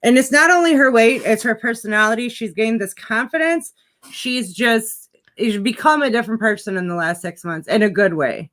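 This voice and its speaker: A woman's voice: on the high side, normal speed. A woman hosting a casual chat, telling stories animatedly and acting out what people said. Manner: animated storyteller, acts out quotes. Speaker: host.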